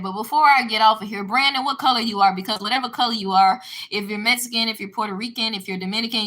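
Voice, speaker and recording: A woman's voice: mid-range voice, pushed and bright. A woman giving an emphatic, preachy monologue straight to her viewers, mixing in religious asides. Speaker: online commentator answering a viewer. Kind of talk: casual ranting monologue.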